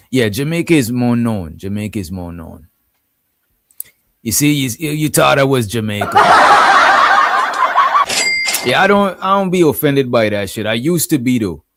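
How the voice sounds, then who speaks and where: A man's voice: medium pitch, gravelly, a bit bright, slight background noise. A man hosting a casual live stream, rambling and often adding "you know what I'm saying". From Guyana. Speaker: streamer host.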